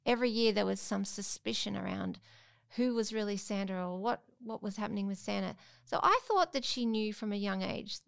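A woman's voice: medium pitch, fairly quick, vocal fry. A middle-aged mother, telling family stories in a casual chat on a podcast. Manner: animated storytelling, acting out her daughter's voice. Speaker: guest mum.

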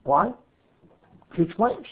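A man's voice: high-pitched, expressive, takes it slowly, breathy edge. A man teaching a Torah class, reading Hebrew text and explaining it line by line with questions and answers. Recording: phone-like narrow audio.

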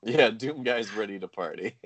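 A man's voice: on the low side, lively intonation, moderate pace, no room sound, dull audio. A man co-hosting a casual game review podcast, rambling with lots of "like" and "um". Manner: rambling, full of "like" and "um". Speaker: podcast co-host.

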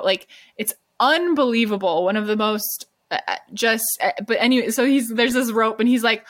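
A woman's voice: fairly high pitch, a bit bright, no echo, clean studio sound. Gushing, rambling woman podcaster. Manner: gushing, rambling with many fillers. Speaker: podcast co-host. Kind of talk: casual chat.

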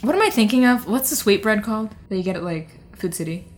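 A woman's voice: mid-range voice, animated, quick pace. A young woman co-hosting a podcast in casual chat, rambling and giggly with lots of fillers. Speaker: podcast co-host.

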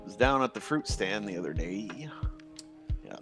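A man's voice: fairly low pitch, animated, normal speed, over music. A man in casual chat, laid-back, swearing often and laughing a lot.

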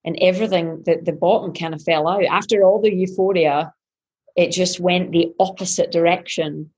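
Casting: lower-pitched husky woman, pro athlete guest, animated storyteller who replays her own thoughts. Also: normal speed, dull audio. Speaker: professional triathlete guest. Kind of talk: podcast interview storytelling.

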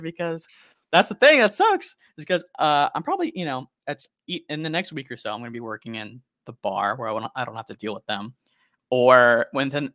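A young man co-hosting a casual podcast, ranting and swearing in an animated way. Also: mid-range voice, no room sound, studio quality. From America. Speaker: podcast co-host.

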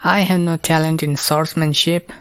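A woman's voice: low-pitched, fairly even intonation, normal speed, dry recording. A woman voicing a lazy, world-weary young man who sighs and mumbles his lines.

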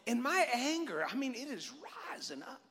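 A middle-aged man preaching a sermon as pastor, animated and joking with his congregation. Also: extremely high pitch, moderate pace. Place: church sanctuary. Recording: long reverb of a church hall.

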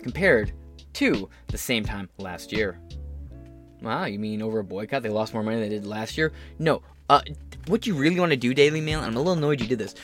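A man's voice: mid-range voice, a bit bright. A man hosting a podcast, giving sarcastic, profane and rambling commentary on the news. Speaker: podcast host.

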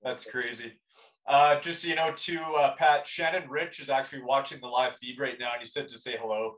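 An easygoing male podcast host trades short reactions and questions with his guest. His voice sits at a middle pitch, and there is a roomy echo around it. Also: fairly even intonation, fairly quick, fairly bright tone. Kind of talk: casual interview.

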